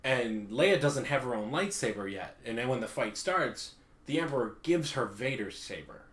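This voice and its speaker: A man's voice: medium pitch, moderate pace. A man retelling a comic story on a casual podcast, laughing often and acting out the characters' lines. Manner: animated retelling, laughs often, acts out quotes in raised voices. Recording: roomy echo.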